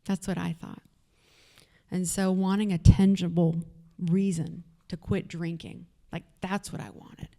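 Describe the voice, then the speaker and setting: Candid, low-voiced woman with a Texas accent. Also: flat delivery, unhurried, mellow. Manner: candid, conversational, frequent fillers. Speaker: event speaker. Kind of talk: personal story told to an audience. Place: event venue.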